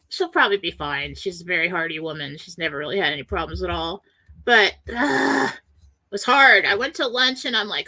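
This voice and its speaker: A woman's voice: on the low side, normal speed, sharp tone, poor audio. A woman hosting a spiritual radio talk show, telling a personal story with emotion and acting out the voices of the people in it.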